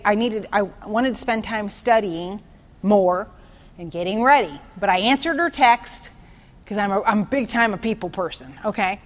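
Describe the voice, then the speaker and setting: A woman teaching from the Bible in an informal, excitable way, telling personal stories and often checking in with "okay?". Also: mid-range voice. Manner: excitable, chatty, keeps asking "okay?"; tells personal stories to make a point.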